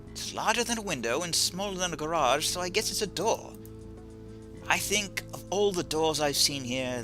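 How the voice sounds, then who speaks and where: A man voicing a sardonic gentleman cat burglar in a put-on British accent, deadpan and wry, for a video game. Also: on the high side, voice pushed up, full character voice. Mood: rambling. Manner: dry, deadpan, wry asides. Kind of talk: video game voice-over reading.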